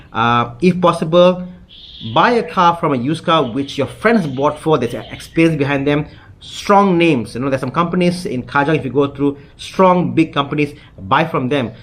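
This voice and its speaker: A man's voice: on the high side, slight background noise. A man from Malaysia, a car vlogger, talking straight to camera in an agitated, repetitive way with plenty of fillers. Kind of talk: angry direct-to-camera vlog.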